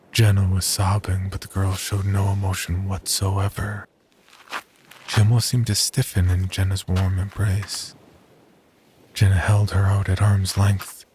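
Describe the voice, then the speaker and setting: A man narrating a horror story in a measured, scripted storytelling manner. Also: deep voice, a little mellow, slight background noise.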